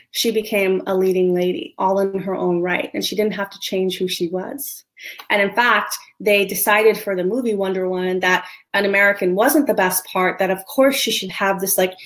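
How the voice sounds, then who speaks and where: A woman in her thirties speaks as a love coach, earnest and encouraging. She talks straight to her listener and stretches out the words she wants to land. Her pitch sits in the middle range for a woman. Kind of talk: motivational talk to camera.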